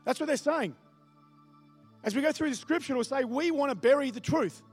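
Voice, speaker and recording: A high-pitched man delivers a sermon in a loose, conversational way. He reads scripture aloud and keeps turning to the congregation with questions. Soft music plays faintly behind him. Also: animated, moderate pace. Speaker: pastor.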